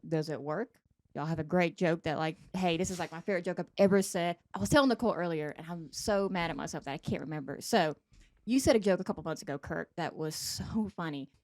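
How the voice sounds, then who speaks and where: A chatty woman with a Southern US accent hosting a casual podcast, bubbly and quick to laugh. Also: lowish voice, dry recording. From Georgia. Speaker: podcast host. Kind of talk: casual chat.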